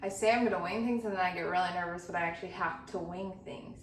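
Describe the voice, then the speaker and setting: A woman's voice: lowish voice, quick pace, over loud music. Woman home baker, casual and self-deprecating, roomy echo, a bit far from the mic. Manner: chatty, self-deprecating, jokey. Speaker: baking vlogger. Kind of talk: casual chat while baking. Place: cold kitchen. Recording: roomy, from a distance.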